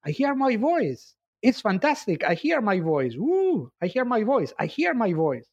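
A man's voice: high-pitched, big pitch swings, normal speed, pitched above the performer's own voice, heavily acted. A man doing an ancient, shy, skinless old man. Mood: joyful. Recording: dull dry recording.

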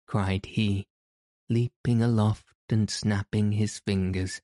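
A male narrator reading a classic adventure tale with slow, deliberate pacing. His voice sits low and mellow, and the recording is dry and close with no room sound. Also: no echo. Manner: measured, even storytelling. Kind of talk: audiobook narration of an old tale.

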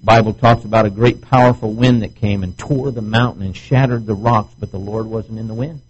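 A man's voice: on the low side, fairly even intonation, fairly quick, husky, muffled recording. A middle-aged male pastor preaching a sermon at a marriage retreat, acting out quoted voices as he goes. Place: marriage retreat meeting room.

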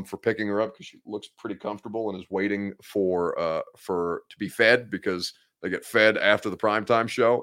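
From his office, a late-twenties man runs a live sports talk show, reading viewer comments and talking casually, bluntly and candidly, often rambling. His voice is on the low side with a fairly bright tone.

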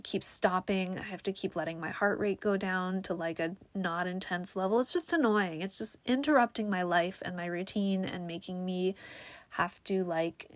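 A woman talking casually to the camera, telling a frustrating story and acting out the people in it with lively voices. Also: medium pitch, no echo. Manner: chatty, exasperated, quotes people in lively voices. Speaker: vlogger.

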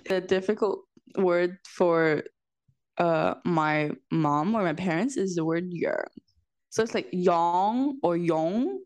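A woman's voice: lowish voice, takes it slowly. A young woman from Macau, co-hosting a podcast, who tells anecdotes in casual chat and laughs often. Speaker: podcast co-host.

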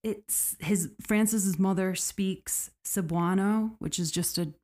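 A woman's voice: medium pitch, slow, warm tone. Casual woman telling a true story. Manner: conversational, with frequent fillers and restarts. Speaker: podcast host.

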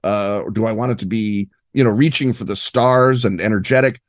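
A man's voice: on the low side, steady tone, brisk, no room sound, clean studio sound. A man as guest on a gaming podcast, explaining at length in an erudite, expansive way with many fillers. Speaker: guest game designer. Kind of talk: podcast interview.

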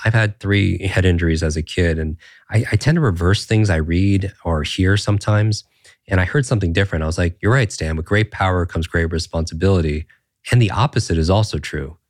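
A man guest on a podcast interview, telling personal stories in an earnest, animated way, with frequent restarts and rhetorical "right?" checks. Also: low-pitched, dry recording, clean studio sound. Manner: animated, earnest, many restarts and tag questions. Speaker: podcast guest, brain coach. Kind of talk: conversational interview storytelling.

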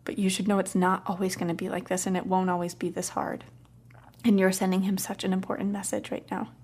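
A woman hosting a parenting podcast who tells a coaching story in a calm, gentle, soft-spoken way. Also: mid-range voice, brisk, husky. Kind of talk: casual storytelling.

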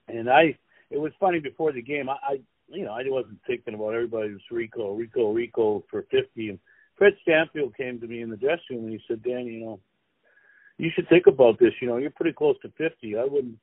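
A Canadian man in his sixties reminisces in a loose, rambling way, full of fillers and restarts. His voice sits at a middling pitch. It comes through a dry, tinny, phone-like line. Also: dry recording. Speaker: former player, guest. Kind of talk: casual storytelling.

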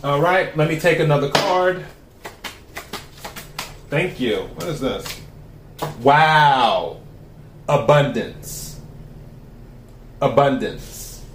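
A man reading tarot cards for his viewers in a voice pitched a little above most men's. He speaks in a steady, unhurried way and repeats his questions to the deck. The room around him sounds echoey. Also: slight background noise. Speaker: tarot reader.

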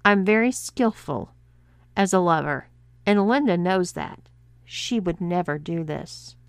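A woman's voice: on the low side, lively intonation, a little slow, clear, resonant tone, no echo, clean studio sound. A woman voicing a brash, cocky adult husband who blusters indignantly.

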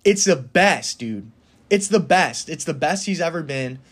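A man's voice: fairly high pitch, animated, unhurried, breathy edge. A young man hosting a casual solo podcast, talking enthusiastically and with firm opinions, often laughing between remarks. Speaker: podcast host.

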